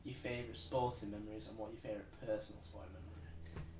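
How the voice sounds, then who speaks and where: A young man co-hosting a podcast, jokey and animated in casual chat. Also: fairly low pitch, quick pace, crowd noise. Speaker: podcast co-host. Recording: roomy, distant mic, faint noise.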